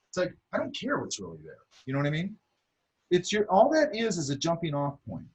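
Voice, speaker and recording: A man's voice: a little high, big pitch swings, quick pace, darkish tone, husky, muffled recording. A man teaching a drawing class, talking casually as he sketches, with lots of fillers and asides. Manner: talks while drawing, many fillers and asides. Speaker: art instructor.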